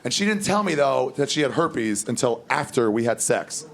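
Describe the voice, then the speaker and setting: A man in his thirties doing a stand-up comedy set on a club stage, telling crude stories in a deadpan way and breaking into loud acted outbursts. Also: mid-range voice, normal speed. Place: comedy club stage before a live audience. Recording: live club recording, loud laughing crowd.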